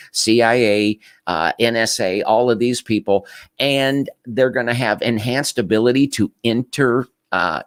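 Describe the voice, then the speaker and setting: A man's voice: mid-range voice, dry recording. Emphatic man, dry close sound. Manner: emphatic, repetitive, frequent restarts. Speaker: political commentary host. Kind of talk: casual political commentary.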